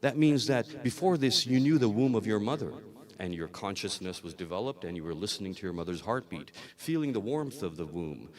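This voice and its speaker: A man preaching a religious sermon, telling a story with acted dialogue and repeating words for emphasis. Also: mid-range voice. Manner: repeats phrases for emphasis, slows on key words. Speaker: scholar reciting a majlis.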